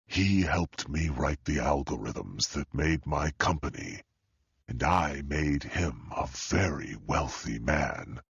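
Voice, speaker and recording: A man doing a deep gravelly menacing villain. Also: dry recording, highs cut off, heavily acted. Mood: cold, calm. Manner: slow, calm and menacing. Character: sinister wealthy older male tech mastermind. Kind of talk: audiobook character voice.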